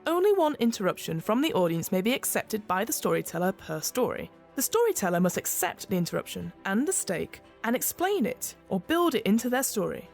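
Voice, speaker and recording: A woman's voice: mid-range voice, very animated, a little fast, vocal fry, few pauses, darkish tone, faint music behind. Woman game master reading the rules.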